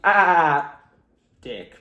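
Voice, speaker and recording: Man putting on a sneering cartoon creature, high lively voice, roomy echo. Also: drawn-out words, muffled recording, full character voice. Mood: smug. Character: mischievous green creature, grumpy loner.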